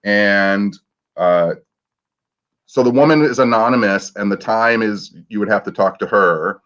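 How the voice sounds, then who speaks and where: Co-host man, lowish voice, tentative and musing, muffled lo-fi sound. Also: a little slow, a bit bright. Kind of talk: casual chat, storytelling. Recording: dull lo-fi sound.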